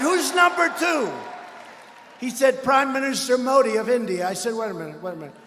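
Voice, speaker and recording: Boastful man shouting in an echoey hall. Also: high-pitched, slight background noise. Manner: rambling, boastful, often shouting. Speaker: political speaker at a rally. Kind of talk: campaign rally speech. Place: large rally hall. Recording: echoey hall with long reverb.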